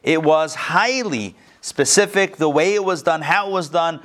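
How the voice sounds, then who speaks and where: Lively man teaching a class. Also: on the high side, moderate pace. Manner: lively, asks the group questions, joking asides. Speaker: teacher leading a text study class. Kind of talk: casual interactive teaching.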